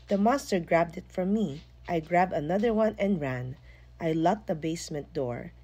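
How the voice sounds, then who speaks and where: A woman reading a children's picture book aloud with expressive, animated storytelling. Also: lowish voice, moderate pace, slightly rough, highs cut off. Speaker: storytime reader.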